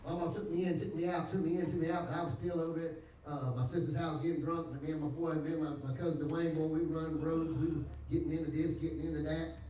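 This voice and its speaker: A man's voice: fairly high pitch, level tone, fast, hardly any pauses, mellow, a little hiss or hum. A man with a North Carolina Southern accent, a pastor giving his testimony in folksy storytelling style, acting out the dialogue. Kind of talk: testimony preached to a congregation. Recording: echoey church hall, distant mic.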